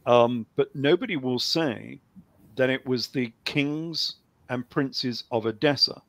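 A man's voice: medium pitch, slow, no room sound. A man talking on a call-in show, rambling with lots of ums and a dry humor. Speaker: guest author. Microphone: video call.

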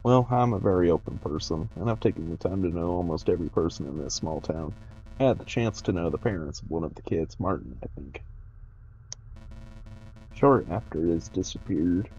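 A man voicing a tired, courteous older townsman in a game who speaks slowly and kindly. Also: deep voice, lively intonation, a little mellow, highs cut off, faint music behind. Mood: somber. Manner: slow, sleepy, courteous.

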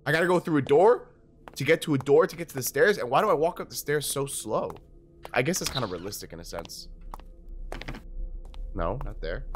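A man doing jokey let's play commentary on a horror game, excitable, cursing and shouting at scares. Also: medium pitch. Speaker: gameplay commentator.

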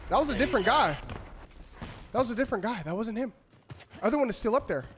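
A man streaming a shooter game, talking casually with lots of slang, teasing opponents and reacting loudly to the fights. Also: extremely high pitch, quick pace, noisy background. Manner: excited, trash-talking, loose slang-filled chatter. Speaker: gaming streamer. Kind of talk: live gameplay commentary. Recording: gameplay audio with gunfire over the voice.

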